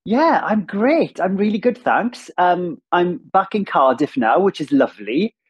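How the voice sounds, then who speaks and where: A man with a strong south-west Welsh accent and a slightly husky voice talks as a podcast guest. He is lively and animated, often laughing mid-sentence. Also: sits high, unhurried, dull audio. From Ammanford, south-west Wales. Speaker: guest, TV presenter. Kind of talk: casual interview chat.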